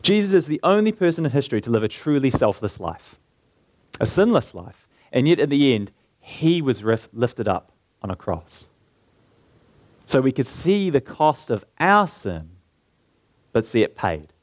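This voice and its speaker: A man preaching a sermon in an earnest way, slowing down and lifting his voice to stress key points. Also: mid-range voice, very animated, no room sound. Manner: earnest, slows down and lifts his voice for emphasis.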